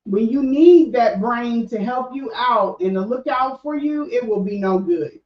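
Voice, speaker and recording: A middle-aged woman with a fairly high voice talks candidly in a casual livestream, often stopping to restart her sentences. She sits back from the mic in a roomy, echoing space, and the sound is a bit dull. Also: a little slow, recorded from a distance. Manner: candid, conversational, with frequent restarts. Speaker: podcast host.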